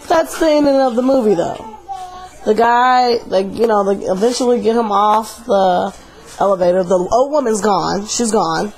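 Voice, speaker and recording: A woman's voice: medium pitch, normal speed, darkish tone. A woman chatting casually and animatedly in a video review, retelling a story in slangy, emphatic bursts. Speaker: movie reviewer.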